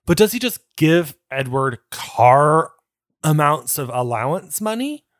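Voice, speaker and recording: A man's voice: a little high, very animated, unhurried, no echo, studio quality. A man co-hosting a casual podcast, rambling through tangents and laughing often. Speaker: podcast co-host. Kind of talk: casual chat about books and films. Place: indoors, sitting on the floor.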